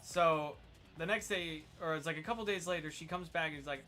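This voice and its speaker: A man's voice: a little high, fairly quick, faint music behind. A man chatting casually on a podcast, retelling a comedy bit and acting out quotes. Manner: storytelling, acts out quotes loudly. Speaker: podcast co-host. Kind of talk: casual chat.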